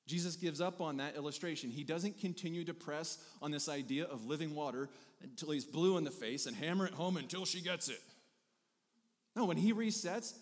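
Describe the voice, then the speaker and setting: A pastor delivering a conversational sermon, animated and repeating phrases for emphasis. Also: male voice, fairly high pitch. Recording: hall reverb.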